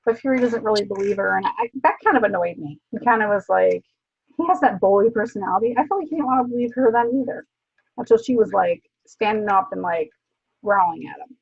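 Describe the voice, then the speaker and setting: A woman with a gravelly, husky voice co-hosts a casual book club chat. She retells scenes in an animated way, laughing and swearing. The sound is dull and lo-fi. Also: mid-range voice, fast.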